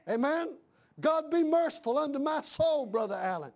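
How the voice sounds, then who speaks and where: A middle-aged man preaches in a church with a high, ringing voice. He hammers his points home by repeating lines and climbing into shouts, a pastor in full fire. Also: animated, moderate pace. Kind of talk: fiery sermon.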